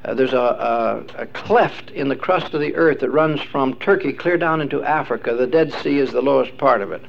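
A man's voice: medium pitch, moderate pace, vocal fry. An older man teaching a class in a rambling lecture, quizzing his listeners with questions and many fillers. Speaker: religious teacher. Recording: dull lo-fi recording with faint hiss.

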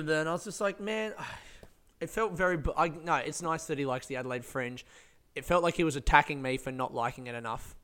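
Aussie stand-up guy ranting casually on his podcast, swears a lot, fairly high smooth voice. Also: brisk. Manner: rambling, swears freely, animated storytelling. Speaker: stand-up comedian.

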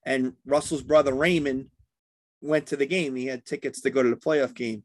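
A man's voice: mid-range voice, fairly even intonation, moderate pace, no echo. A man in casual sports chat, telling rambling stories with many restarts.

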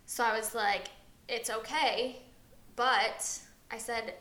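A woman's voice: a little high, little pitch movement, measured pace, sharp tone, reverberant. A woman co-hosting a casual podcast, rambling through a long story about her son and acting out his lines. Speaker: podcast co-host. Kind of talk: casual chat.

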